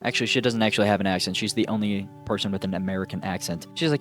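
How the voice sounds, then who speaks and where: Excitable, jokey man reviewing a horror film. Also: mid-range voice, fast, hardly any pauses, no room sound. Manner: excitable, jokey, sarcastic asides. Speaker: movie review host. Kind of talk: casual horror movie review.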